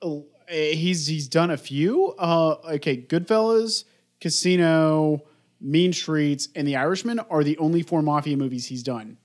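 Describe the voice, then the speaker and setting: A man's voice: on the high side, a little slow. A man chatting casually about films, rambling with many filler words. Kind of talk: casual film discussion.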